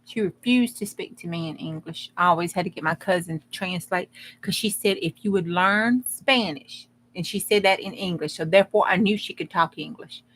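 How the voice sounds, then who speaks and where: A woman hosts a late-night crafting livestream and chats casually with her viewers. Her voice is bright and forceful. She rambles from one thing to the next with folksy humor. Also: lowish voice, a little fast, a little hiss or hum.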